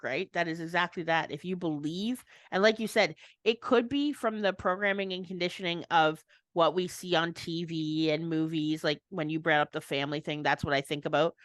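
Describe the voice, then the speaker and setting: A woman's voice: fairly low pitch, fairly bright tone, no echo. A woman co-hosting a casual chat, rambling and laughing often as she restarts her thoughts. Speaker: co-host.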